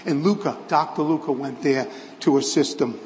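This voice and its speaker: A man's voice: on the high side, normal speed, slight background noise. Earnest male preacher in a reverberant church. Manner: earnest storytelling, some stammered restarts. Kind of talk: sermon, retelling a film scene.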